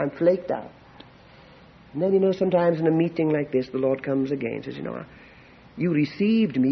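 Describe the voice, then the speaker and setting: A preacher from Britain with a high-pitched voice, delivering an animated sermon. He swings from hushed asides to loud, repeated exhortations. The recording sounds dull and lo-fi. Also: creaky.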